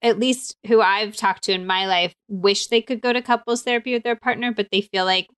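A woman's voice: medium pitch, steady tone, a little fast, a bit bright, smooth. A woman hosting a podcast, laughing along and giving brief agreeing replies before asking questions. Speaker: podcast host. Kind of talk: casual interview chat.

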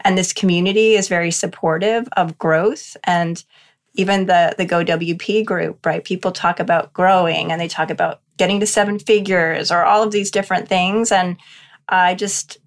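Middle-aged female podcast guest, low gravelly voice, candid and self-deprecating. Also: fairly even intonation, moderate pace. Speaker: podcast guest, freelance marketer. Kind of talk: casual podcast interview.

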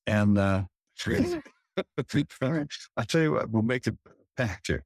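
A man, a record producer, telling stories as a guest in a relaxed, reflective way. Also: mid-range voice, slow, dry recording, clean studio sound. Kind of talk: casual interview.

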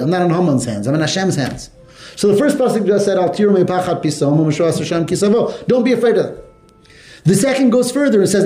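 High-voiced man teaching a class. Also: reverberant. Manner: animated, asks the class questions, mixes Hebrew and Yiddish terms. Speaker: Torah teacher. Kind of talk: classroom lesson storytelling.

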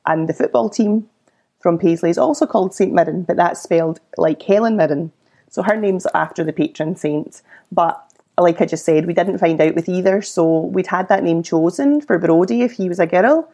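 A woman's voice: lowish voice, normal speed, dark tone. A Scottish woman in her thirties, chatting as a podcast guest and acting out the voices of people in her stories. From Scotland. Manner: chatty storyteller who acts out quoted voices. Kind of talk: casual interview chat.

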